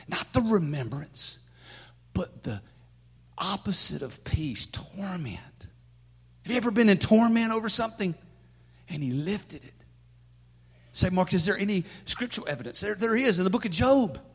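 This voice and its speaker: A man preaching a sermon as pastor, passionate, swinging from loud declarations to hushed, near-whispered moments. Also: mid-range voice, slightly rough, long reverb tail. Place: large church hall.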